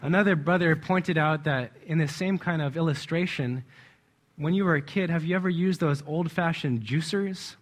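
A man's voice: a little high, normal speed. A man preaching in a conversational way, stressing words with emphasis and chuckling often. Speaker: church speaker. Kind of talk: conversational sermon.

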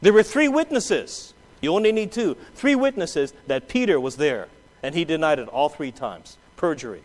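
A man preaching a sermon, swinging between loud quoted outbursts and low, quiet asides. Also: very animated, moderate pace. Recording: long hall reverb.

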